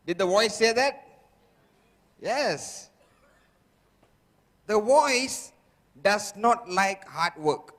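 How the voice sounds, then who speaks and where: A man's voice: sits high, animated, slow, pauses often, fairly bright tone. A man giving a motivational seminar talk who keeps firing rhetorical questions at the audience. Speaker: motivational speaker. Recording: long reverb of a large hall.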